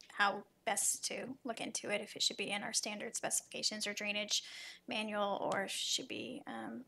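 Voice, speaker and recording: A woman on city planning staff presenting a report at a public meeting, measured and full of ums. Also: mid-range voice, creaky, pushed and bright, slight background noise. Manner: measured, with frequent ums and uhs. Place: city council chamber.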